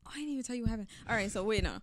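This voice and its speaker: A woman's voice: on the high side, animated, very fast, dry recording, clean studio sound. A young woman from New York City, co-hosting a podcast and telling stories in casual chat, acting out what people said. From New York City, USA. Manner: chatty, retells scenes with quoted dialogue, laughs often. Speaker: podcast co-host.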